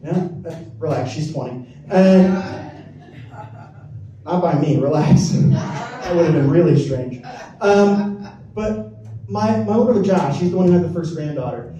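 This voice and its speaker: A man's voice: fairly high pitch, expressive, a little slow, pauses often, warm tone, lo-fi sound, slight background noise. A young man doing a rambling, self-deprecating stand-up set on a comedy club stage. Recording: roomy, distant club recording. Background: audience laughter.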